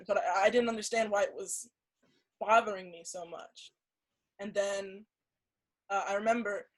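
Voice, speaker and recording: A woman's voice: medium pitch, low-quality recording. A young woman in casual conversation as a podcast guest, recounting something earnest with frequent restarts and "like" fillers. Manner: halting, many restarts and "like" fillers; earnest storytelling.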